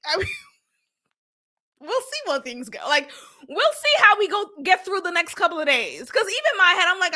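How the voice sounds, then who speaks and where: Bright, high-voiced woman podcaster. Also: normal speed. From Boston. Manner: rambling, animated, laughs often, swings from loud to soft. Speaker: podcast host. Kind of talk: casual solo podcast chat.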